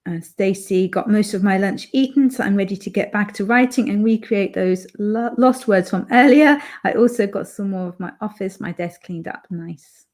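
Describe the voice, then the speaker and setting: A woman's voice: medium pitch, moderate pace, hardly any pauses, darkish tone. A woman from the UK hosting a live stream from home, chatting casually and reading viewer comments aloud with lots of fillers. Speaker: livestream host reading chat. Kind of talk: casual chat.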